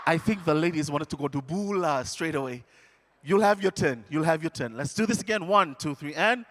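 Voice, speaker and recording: Energetic man coaxing a crowd. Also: on the high side, brisk, slight background noise. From Fiji. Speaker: stage presenter teaching an audience. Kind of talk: call-and-response lesson to a live audience. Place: large indoor hall, live event. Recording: echoey large hall.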